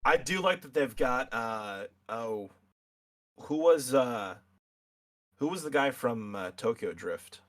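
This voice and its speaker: A man co-hosting a podcast in casual chat, talking in halting, stammering restarts. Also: medium pitch, lively intonation, fairly bright tone. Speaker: podcast co-host.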